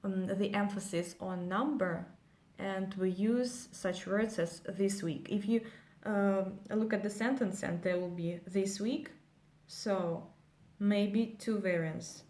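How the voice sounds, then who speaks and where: Slow, hesitant woman teaching English. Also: mid-range voice, steady tone, darkish tone. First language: Russian. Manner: slow, hesitant, many ums while explaining. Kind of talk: grammar lesson.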